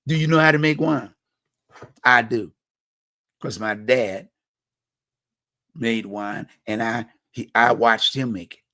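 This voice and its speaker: A man's voice: mid-range voice, fairly even intonation, takes it slowly, pauses often, bright, forceful tone, dry recording. Middle-aged guy from virginia, blunt and slangy, repeats himself, dry close sound. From Hampton Roads, Virginia. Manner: blunt, repetitive, conversational, with local slang. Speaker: community talk show host. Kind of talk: personal monologue on community violence.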